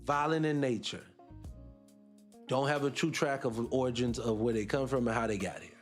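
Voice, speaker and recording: A man's voice: mid-range voice, normal speed, soft background music. A man hosting a morning reaction show, talking conversationally with sarcastic asides and speaking directly to his viewers. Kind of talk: reaction commentary.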